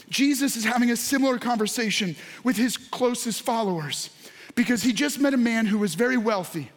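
A man preaching a sermon, speaking straight to his congregation and online viewers and breaking into excited shouts. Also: very high voice. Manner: animated, bursts into excited shouts. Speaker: pastor.

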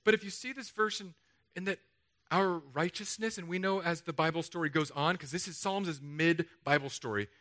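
A man in his thirties preaching a sermon from a church stage, animated and jokey, acting out the lines he quotes. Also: on the high side, normal speed. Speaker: pastor. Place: church stage under hot lights.

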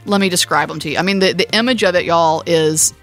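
A woman co-hosting a podcast, chatting casually, laughing often and acting out quotes in a high squeal. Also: fast, a bit bright, faint music behind. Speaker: podcast co-host. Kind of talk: casual chat.

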